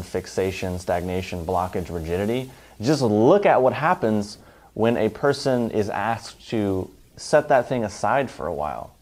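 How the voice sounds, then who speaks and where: Low voiced guy doing a self help talk, emphatic, lists stuff on and on. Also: darkish tone. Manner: emphatic, piles up long lists. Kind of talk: motivational talk.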